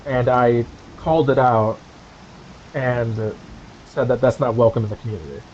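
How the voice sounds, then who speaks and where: A man's voice: medium pitch, normal speed, darkish tone, dull audio, slight background noise. A man streaming from home, ranting angrily and sarcastically with heavy profanity as the channel's host.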